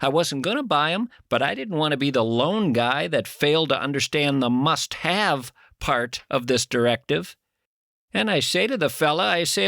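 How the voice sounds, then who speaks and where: Host, middle-aged male, wry deadpan monologue, bright edgy tone, occasional bursts. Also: fairly high pitch, normal speed, creaky, no room sound, studio quality. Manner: wry, deadpan musing with sudden loud outbursts. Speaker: radio host. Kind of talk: comic monologue.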